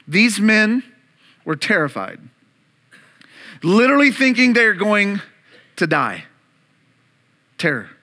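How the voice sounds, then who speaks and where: A man preaching a sermon as pastor, animated, acting out voices to an audience in a church room. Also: high-pitched, slow pace, pauses often. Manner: animated preaching, acts out disciples' panic and Jesus' calm.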